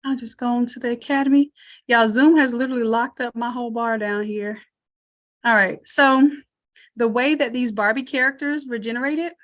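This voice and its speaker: Upbeat Southern woman teaching a live webinar. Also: fairly high pitch. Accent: Southern American. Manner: energetic, encouraging, addresses audience as y'all. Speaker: online design course instructor.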